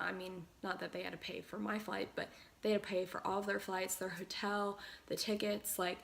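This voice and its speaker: A young woman talks straight to the camera while she does her makeup at home, telling a story in a rush. She gets excitable and plays out the voices of the people in it. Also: medium pitch, gravelly. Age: young adult. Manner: excited, rapid retelling with quoted dialogue. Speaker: pageant contestant vlogger.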